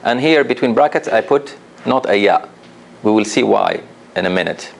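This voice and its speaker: A man teaching Quran recitation to a class, patient and repeating each example slowly while asking the students questions. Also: fairly low pitch, lively intonation, gravelly. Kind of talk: classroom lesson.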